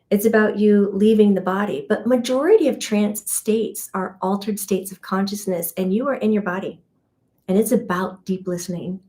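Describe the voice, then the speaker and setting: A woman who hosts and teaches spiritual topics in a loose, chatty way, laughing easily and slipping into quick acted-out scenes. Her voice is warm and mellow, pitched mid-range for a woman. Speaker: spiritual medium and channel host. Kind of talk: casual spiritual teaching to a live audience.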